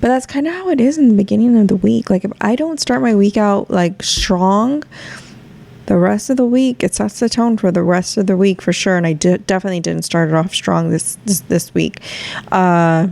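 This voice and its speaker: A woman's voice: medium pitch, moderate pace, vocal fry, warm tone. A woman hosting her own podcast, talking to listeners in a candid, rambling way and swearing freely. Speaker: podcast host. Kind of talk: casual solo chat.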